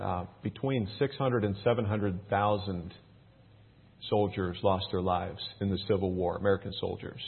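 A man teaching a Bible passage, reading the verses aloud with lifted emphasis, then explaining them in a relaxed, folksy way with plenty of fillers. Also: lowish voice, husky. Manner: reads scripture louder and more raised, explains in a relaxed folksy way with fillers. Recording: tinny phone-like sound.

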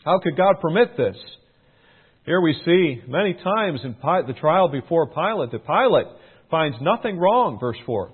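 A man's voice: on the high side, big pitch swings, measured pace, slightly rough. A middle-aged man teaching through a Bible passage, earnest, his emphasis rising on questions. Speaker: preacher. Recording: tinny phone-like band.

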